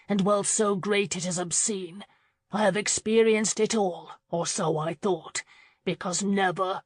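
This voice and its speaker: Lady doing a fierce duke guy, desperate and loud, dry close sound. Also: mid-range voice, no room sound, close to an everyday voice. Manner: intense, pleading then roaring. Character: brooding duke, man, desperate and commanding.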